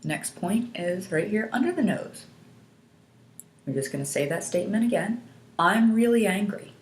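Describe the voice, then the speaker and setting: A woman instructor calmly guiding listeners step by step through a tapping technique, asking them to repeat after her. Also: lowish voice, moderate pace. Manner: calm, patient step-by-step guidance. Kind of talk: guided instructional demonstration. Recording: echoey room.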